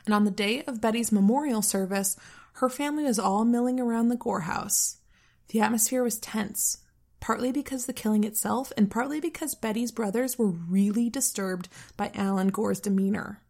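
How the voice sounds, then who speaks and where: Co-hosting a true-crime podcast, a woman narrates the case in an earnest, easygoing, casual way. Her voice is slightly high, creaky and a little mellow, at a moderate pace.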